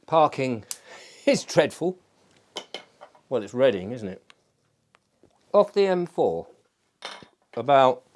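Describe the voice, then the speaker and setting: A man's voice: mid-range voice, a little mellow. A man, hosting his own show in a casual, rambling, self-mocking chat as he smokes a pipe. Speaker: show host.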